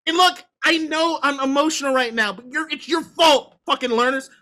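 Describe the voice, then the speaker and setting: A fired-up man ranting on a sports podcast, his voice bright and forceful. He swears freely and works himself into a lather, pushing each point hard. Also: extremely high pitch, normal speed. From Washington, D.C. area. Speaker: podcast co-host. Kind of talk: casual sports talk.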